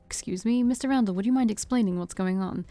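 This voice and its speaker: A smug male vampire with a British accent, as a woman puts him on, sing-song and excessively polite in a game story. The tone is mellow, the sound dry and close. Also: medium pitch, quick pace, no echo, faint music behind, close to an everyday voice. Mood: fussy.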